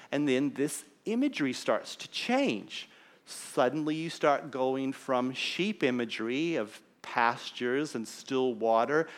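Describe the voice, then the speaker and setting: A man preaching a sermon as pastor, explaining scripture in an emphatic teaching manner with deliberate pauses. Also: medium pitch.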